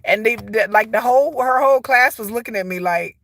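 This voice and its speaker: A woman's voice: a little high, brisk, fairly bright tone. A woman in her forties chatting casually to camera as a vlogger, rambling, laughing often and mimicking people. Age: 40s.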